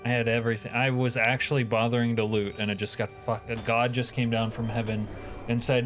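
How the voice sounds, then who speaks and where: A man's voice: mid-range voice, little pitch movement, fairly quick, fairly bright tone, faint music behind. A man live-streaming a game, chatting casually with his viewers, profane and joking, grumbling when things go wrong.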